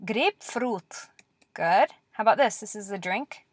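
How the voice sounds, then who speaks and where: A woman teaching a lecture-style language lesson, repeating words slowly and clearly with patient encouragement. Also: medium pitch, animated, no echo, studio quality.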